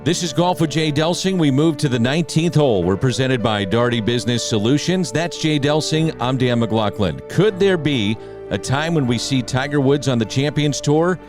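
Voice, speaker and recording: A man co-hosting a radio golf talk show, upbeat and quick to throw out questions. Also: medium pitch, expressive, music in the background.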